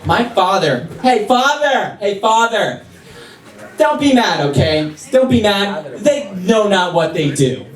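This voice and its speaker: A man's voice: high-pitched, sing-song, slow pace, far from the mic, pitched above the performer's own voice, full character voice. Man playing a sassy, passive-aggressive Jesus. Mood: mock-gracious. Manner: whiny, mock-gracious. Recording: echoey club recorded from afar.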